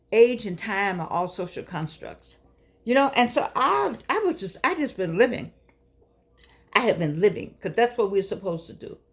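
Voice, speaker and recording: An older woman hosting her own show, talking to her audience in a fussing, encouraging, preachy way. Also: mid-range voice. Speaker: show host. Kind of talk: casual talk to camera.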